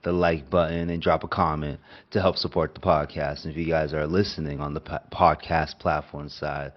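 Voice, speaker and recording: Casual sports podcast host, man with a deep voice and a stuffy nose, meandering delivery, muffled lo-fi recording. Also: flat delivery, moderate pace. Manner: rambling, repeats "and all too as well". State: nasal from a cold.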